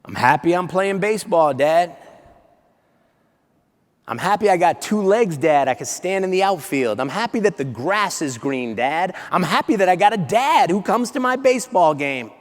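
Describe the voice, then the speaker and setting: A high, gleeful eight-year-old boy bursting with joy, as a man puts him on. He shouts in quick, excited bursts, and each word rings out with a long reverb off a large hall. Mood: contented. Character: eight-year-old boy, cheerful ballplayer, wildly enthusiastic.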